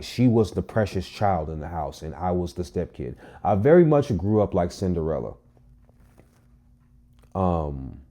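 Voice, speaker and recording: Low, warm-voiced man telling a story. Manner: animated, profane, emphatic storytelling. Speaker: vlogger. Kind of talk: casual storytime monologue.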